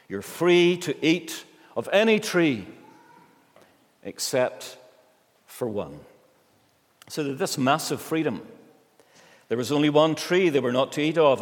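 A male pastor reading scripture and preaching a sermon in a church, measured with slow, emphatic pauses. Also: on the high side, big-room sound.

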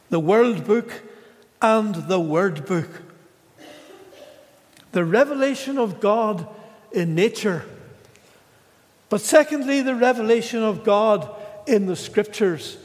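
A man preaching a sermon in a slow, measured way, with dramatic pauses. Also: high voice, in a large hall.

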